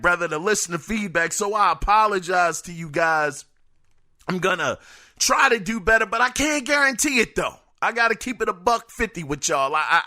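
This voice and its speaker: A man hosting a casual solo podcast, reading listener emails in an animated, joking way that trips over words. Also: high voice. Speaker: podcast host.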